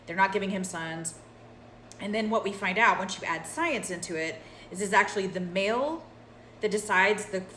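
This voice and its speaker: Woman, casual vlog, emphatic and chatty, middle pitch, roomy echo. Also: fairly bright tone, slight background noise. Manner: emphatic and conversational, with frequent "like" and "right?". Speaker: creator.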